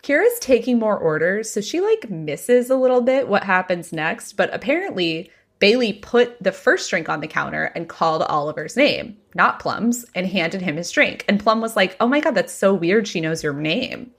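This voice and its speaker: A woman podcast host retelling a gossip story in a chatty, animated way, full of "like". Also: medium pitch, moderate pace, hardly any pauses.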